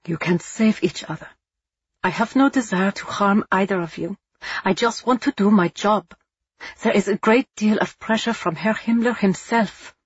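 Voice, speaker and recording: A woman voicing a cold, menacing male German army captain who questions his prisoners with calm cruelty. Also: mid-range voice, moderate pace, slightly rough, dry recording, lo-fi sound, pitched above the performer's own voice, natural voice. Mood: coaxing.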